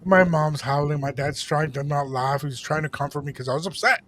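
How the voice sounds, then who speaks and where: A quick, animated man co-hosting a radio show and chatting from the studio. He switches easily between English and Spanish. His voice sits a bit higher than most men's. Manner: animated storyteller. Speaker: radio co-host. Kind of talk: casual radio chat.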